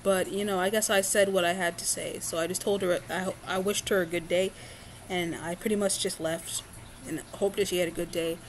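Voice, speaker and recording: A woman's voice: fairly low pitch, steady tone, brisk, a little hiss or hum. A woman vlogger telling a personal story in a casual, rambling way, with frequent fillers and restarts.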